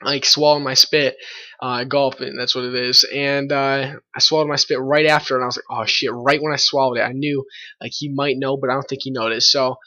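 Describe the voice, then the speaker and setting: Bright-voiced teen boy telling a story. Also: medium pitch, level tone, fairly quick, highs cut off. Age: teens. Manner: rambling, full of fillers and swearing. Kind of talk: casual storytime monologue.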